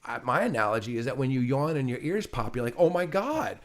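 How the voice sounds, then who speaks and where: Male guest, mid-pitched voice, explains with animated emphasis. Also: quick pace. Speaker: interview guest, chiropractor. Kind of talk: casual conversation.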